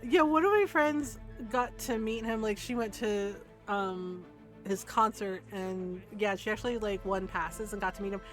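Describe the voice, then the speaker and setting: A woman's voice: mid-range voice, moderate pace, soft background music. A woman game streamer chatting casually while she plays, telling stories and laughing often. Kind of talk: casual chat while playing.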